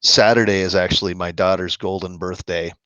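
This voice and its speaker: Man, low voice, rambling casual chat, dry lo-fi stream sound. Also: fairly even intonation, a bit bright, smooth, no echo. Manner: rambling, halting restarts, friendly. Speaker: co-host of a musicians' live chat. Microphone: video call. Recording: dull lo-fi stream audio.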